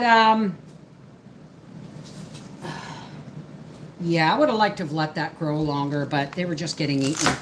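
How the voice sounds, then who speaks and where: Slow, chatty homestead woman. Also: medium pitch, noisy background. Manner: rambling, chatty, reads out viewer comments. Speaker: homestead livestream host. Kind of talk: casual live-stream chat while working.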